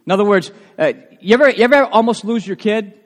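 A man preaching a sermon as pastor, telling stories in an animated way and often restarting his words. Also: high-pitched, fast talker, long reverb tail. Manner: animated storytelling with frequent restarts.

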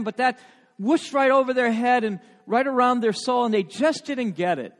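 A middle-aged pastor delivers a sermon in a fairly high voice. He swings between emphatic, raised passages and quiet, hushed ones, often repeating words. The sound carries a long reverb of a large hall. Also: normal speed. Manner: repeats words when emotional. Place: church sanctuary.

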